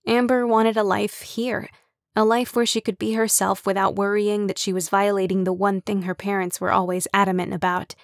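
A woman narrating an audiobook in an even, wry storytelling voice. Her pitch sits mid-range for a woman. The recording is dry and close, with no room sound. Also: moderate pace, dry recording. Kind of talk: scripted narration.

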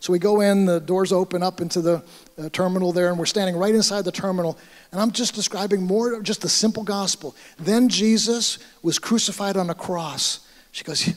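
High-voiced American pastor preaching. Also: male voice, fairly quick, big-room sound. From United States. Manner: storytelling, acting out dialogue, animated. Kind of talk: sermon. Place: church hall.

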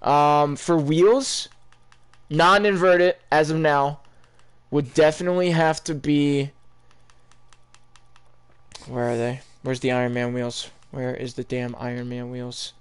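A man's voice: on the high side, steady tone, slow pace, pauses often, smooth. A young man chatting casually over his gameplay, rambling and talking straight to his viewers. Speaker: gaming YouTuber.

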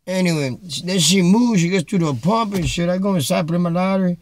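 A middle-aged man casually telling a funny story to his viewers, animated, dropping Spanish phrases and saying "man" a lot. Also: high voice, brisk. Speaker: vlogger. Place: Chicago.

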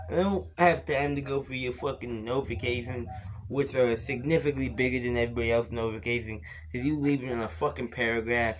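A tipsy man rambles at the camera in a home-made vlog. His talk is slurred and full of curses, and he lurches between grumbling and sudden bursts of yelling. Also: medium pitch. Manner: slurred, profane and insulting, with sudden shouts. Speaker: beer vlogger. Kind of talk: rambling profane vlog rant.

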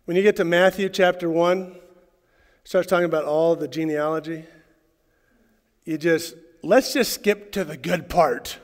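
A man's voice: a little high, fairly even intonation, a little slow. Preaching man, reverberant church. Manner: preacherly, rising to shouts and dropping to hushed tones. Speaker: pastor. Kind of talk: sermon. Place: church sanctuary.

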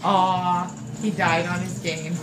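A woman's voice: fairly low pitch, level tone, takes it slowly, music in the background, rough recording. A woman, a mother, chatting casually and teasingly to viewers while filming her family at home and in a store on a handheld camera. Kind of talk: casual family vlog chat. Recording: handheld camera with background noise.

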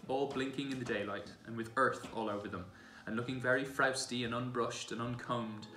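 A man gently reading a children's novel aloud in a church, recorded from a distance. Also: fairly low pitch. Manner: gentle storytelling. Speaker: reader. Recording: echoey church room, distant mic.

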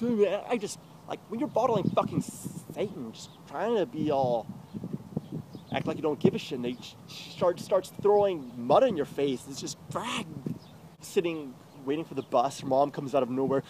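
A man's voice: on the high side, very animated, normal speed, darkish tone. A young man in a bitter, agitated confessional rant, swearing heavily. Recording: noisy recording.

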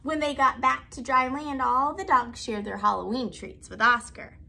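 A woman teacher reading a storybook aloud in an expressive, animated way. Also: sits high, normal speed, creaky.

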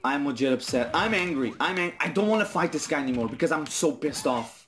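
A man's voice: a little high, animated, brisk, a bit bright, slight background noise. A young man commentating on his own online matches, frustrated and swearing a lot as he rants. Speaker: gaming YouTuber. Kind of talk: gameplay commentary. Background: faint game music.

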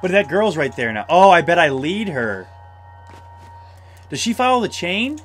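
A man playing a horror puzzle game as a let's-play, easily startled, yelling when scared and talking himself through the tense parts. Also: a little high, unhurried. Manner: excitable, shouts in fright, talks himself through scares. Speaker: gamer.

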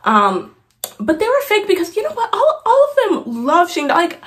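A woman's voice: very high-pitched, huge pitch swings, moderate pace, fairly bright tone. A young woman vlogger chatting animatedly through a casual story-time video with laughing asides.

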